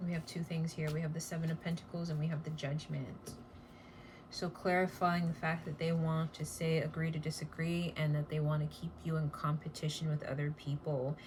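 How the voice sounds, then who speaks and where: A woman with a low-pitched voice talks through a tarot reading in a casual, blunt, chatty way. A faint background noise sits under the recording. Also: little pitch movement, brisk. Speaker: tarot reader.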